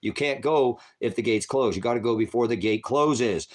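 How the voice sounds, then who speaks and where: A man's voice: mid-range voice, normal speed, hardly any pauses. A man hosting a rambling livestream, cracking jokes, swearing freely and urging viewers to act. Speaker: livestream host. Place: high desert home.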